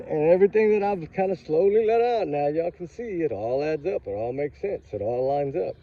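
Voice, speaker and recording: A man's voice: medium pitch, dull audio. A man hosting a true crime channel, ranting angrily to his viewers while walking around a grocery store parking lot. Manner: angry, fired up, talks straight to viewers. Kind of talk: casual ranting vlog to viewers.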